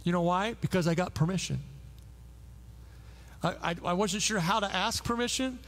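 Man, preacher, high voice, gravelly, animated storytelling, sermon. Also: normal speed. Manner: animated, storytelling with frequent restarts. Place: church service.

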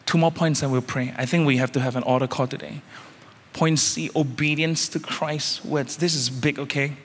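A man preaching a sermon as senior pastor, emphatic, repeating phrases and climbing suddenly louder. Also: mid-range voice, fairly even intonation, moderate pace, big-room sound.

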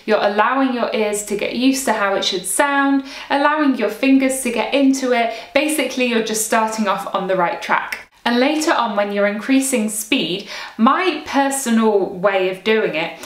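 A woman teaching recorder practice tips in a clear, encouraging way, sometimes singing rhythms aloud. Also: a little high, moderate pace, echoey room.

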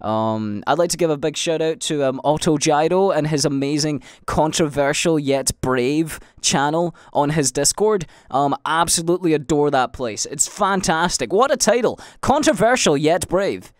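A man's voice: on the high side, lively intonation, normal speed, few pauses, clear, resonant tone, no echo, studio quality. A young Scottish man hosting his own podcast, rambling through a casual solo monologue full of fillers, restarts and swearing. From Scotland. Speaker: podcast host and livestreamer.

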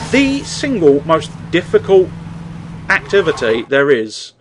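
A man's voice: medium pitch, lively intonation, normal speed, background noise. A man commenting on his gameplay in a chatty, wry way, swearing often. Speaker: let's play host. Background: game sounds and music.

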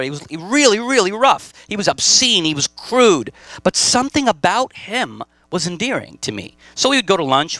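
A man's voice: a little high, sharp tone, no room sound. A man preaching a live Sunday sermon as pastor, emphatic, repeating key phrases and stacking short lists, with casual asides to the congregation. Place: church service.

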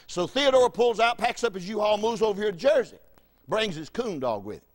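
A high-voiced man preaches from the pulpit. He tells a folksy story and swings from loud exclamations to near-whispered asides. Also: big pitch swings, fairly quick. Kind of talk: storytelling sermon.

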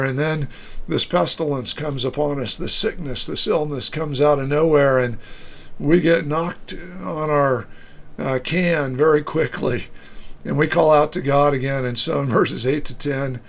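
A man pastor giving an earnest, unhurried devotional talk, reading scripture aloud with occasional fillers. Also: mid-range voice, vocal fry. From United States.

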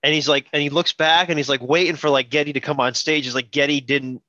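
A man's voice: fairly high pitch, steady tone, fast, pushed and bright, no room sound, muffled recording. A man hosting a podcast, chatting casually about concert videos, rambling and correcting himself as he goes. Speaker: podcast host. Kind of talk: casual chat about music.

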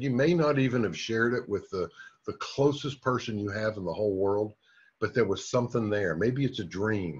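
A man with a husky, slightly rough voice delivers a motivational training talk in a direct, coaching manner. He keeps checking in with his listeners as he goes. The recording sounds dull and lo-fi. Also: on the low side. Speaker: business trainer.

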